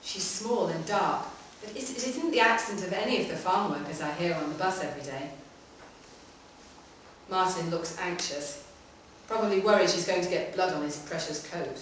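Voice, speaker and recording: A woman giving a live, measured reading of a short story in a public library room. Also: fairly low pitch, slight background noise. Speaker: reader. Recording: echoey hall from far off.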